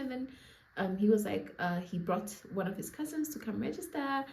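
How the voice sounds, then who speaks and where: A woman's voice: mid-range voice, animated, moderate pace, gravelly, a little mellow, a little hiss or hum. A young woman with a Namibian accent tells a storytime to her viewers, playful and laughing, with asides to the audience. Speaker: storyteller vlogger. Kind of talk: casual storytime chat. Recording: echoey room.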